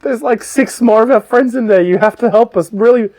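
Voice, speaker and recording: A man's voice: a little fast, a little mellow. A man voicing a pack of small, sly, mischievous male garden gnomes in a whiny, pleading put-on voice. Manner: high whiny pleading, stretched-out words.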